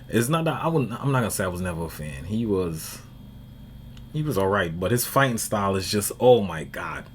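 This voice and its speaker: A man reacting to a video in a loose, profane rant. His voice sits low, but it swings up and down with a lot of feeling. There is faint noise behind him. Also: a little fast. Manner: blunt, profane, animated ranting. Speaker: reaction streamer. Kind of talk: casual reaction commentary.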